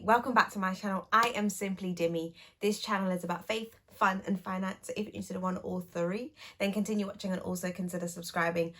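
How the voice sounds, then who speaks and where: A woman in her twenties speaks straight to camera in a relaxed catch-up vlog. She is chatty and playful and often pokes fun at herself. Her voice sits at an ordinary middle pitch for a woman. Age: 20s. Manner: chatty, playful and self-teasing, with light laughs. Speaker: YouTuber and speech and language therapist.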